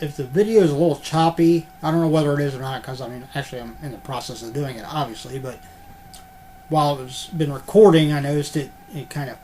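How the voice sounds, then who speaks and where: A casual man talks to his webcam in a loose, meandering way, full of fillers and the occasional swear. His voice sits a little high for a man. A faint hum of room noise runs beneath the recording. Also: darkish tone. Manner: rambling, filler-heavy, mildly profane. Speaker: unboxing vlogger. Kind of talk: casual rambling unboxing chat. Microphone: computer webcam.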